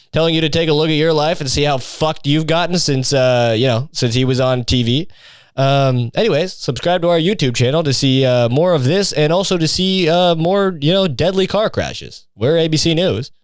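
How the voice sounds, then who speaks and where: A man's voice: on the high side, smooth, dry recording, clean studio sound, close to an everyday voice. A man mocking a smarmy cheery news anchor. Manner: mock-cheery, sarcastic.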